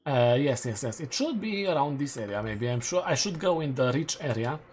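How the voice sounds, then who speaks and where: A man's voice: mid-range voice, animated, a little fast, a little hiss or hum. A young man, streaming a game and chatting casually with viewers, thinking aloud and correcting himself as he goes. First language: Romanian. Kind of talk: casual live-stream chat while gaming.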